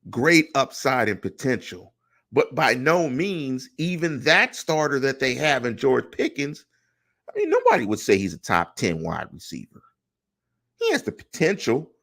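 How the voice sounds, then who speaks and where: A man's voice: mid-range voice, fairly bright tone. A middle-aged man hosting a solo sports podcast, talking through his opinions and putting rhetorical questions to his listeners. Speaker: podcast host.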